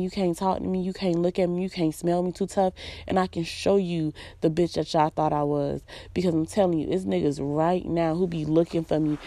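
A woman's voice: lowish voice, warm tone, no echo. A woman giving a blunt, profane, emphatic personal monologue, hammering her points home with repeated phrases. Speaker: vlogger.

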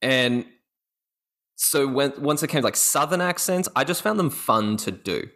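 A man with an Australian accent, a guest actor telling stories in a casual interview, lively and often laughing. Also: on the high side, moderate pace. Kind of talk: casual podcast interview chat.

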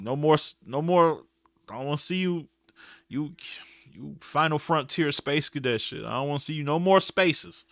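A man hosting a podcast, giving a blunt, slangy, animated recap with frequent restarts. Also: medium pitch, no room sound, clean studio sound. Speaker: podcast host. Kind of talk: casual recap commentary.

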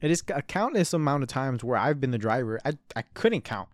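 A man's voice: mid-range voice, very animated, brisk, no echo, clean studio sound. A man in his early twenties telling a long story in rambling casual talk, swearing a lot and calling the listener bro and dude. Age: 20s. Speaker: podcast host.

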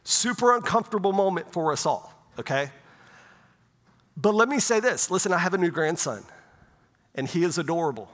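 Man, middle-aged pastor, sermon, conversational, high voice, long church reverb. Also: animated, moderate pace, long pauses, a bit bright. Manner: conversational preaching, often asks "right?". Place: church sanctuary.

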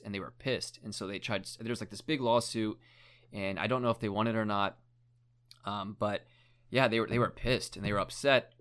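A man's voice: on the low side, fairly even intonation, a little fast, fairly bright tone, clean tone. A young man in casual chat, retelling a documentary story in a rambling way, full of "like" and casual swearing.

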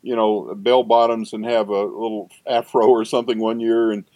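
A man's voice: on the low side, little pitch movement, normal speed, dark tone, no room sound. An older man, a seminary professor, talking in a rambling conversational interview with frequent restarts and asides.

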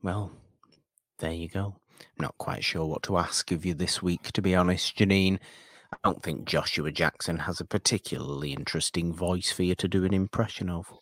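A man's voice: low-pitched, steady tone, normal speed, a bit bright, dry recording, clean studio sound. A man hosting a podcast in casual chat, rattling off plugs and teasing his co-host.

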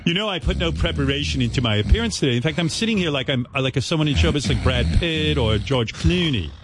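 A man's voice: on the high side, animated, fast, noisy background. A man hosting a talk show, chatting casually and mockingly, rambling and laughing often. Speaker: radio host. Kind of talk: casual banter.

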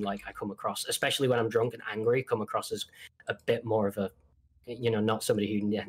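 A man's voice: mid-range voice, a little hiss or hum. A young man in his twenties from Manchester with a Mancunian accent, talking casually as a podcast guest, swearing often and full of fillers. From Manchester, England. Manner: swears a lot, many fillers and restarts.

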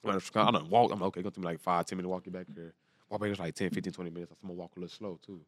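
Fast-talking man telling a story. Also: sits low, dry recording, clean studio sound. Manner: animated, quick storytelling with slang and repeated quotes. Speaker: guest. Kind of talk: casual storytelling.

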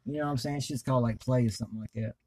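A man from the US South tells a crude story while stoned, rambling, profane, and laid-back in casual chat. His mid-range voice is a little mellow, fairly even in intonation, and rapid-fire.

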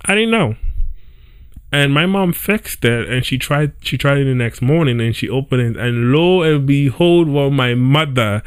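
Unhurried and expressive, a young man's mid-range voice comes through clean with no echo as he hosts his podcast. His story unfolds in a casual, chatty way full of "right?" and "yo" check-ins, recorded at home on a squeaky chair.

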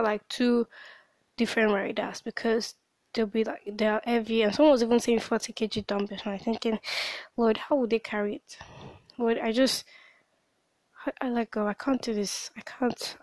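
A woman's voice: on the high side, no echo. A woman hosting a personal diary podcast, upset and worn out from crying, venting in broken, restarting sentences. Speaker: podcast host and small business owner.

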